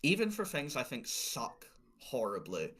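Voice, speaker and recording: A man's voice: mid-range voice, wildly swooping pitch, measured pace, a bit bright. A man co-hosting a podcast, rambling in exasperation and swearing freely in casual chat. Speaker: podcast co-host.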